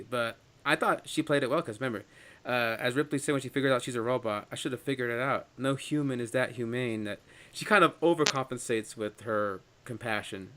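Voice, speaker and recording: A man in casual film discussion, chatty and quick to laugh as he retells scenes. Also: mid-range voice, a bit bright.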